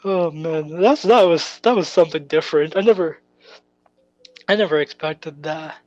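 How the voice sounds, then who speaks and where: A man's voice: a little high, moderate pace, darkish tone, no room sound, lo-fi sound. A young man from Canada co-hosting a podcast, chatting casually and telling a rambling, swear-filled story. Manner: rambling, swears often, laughs through stories. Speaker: podcast co-host.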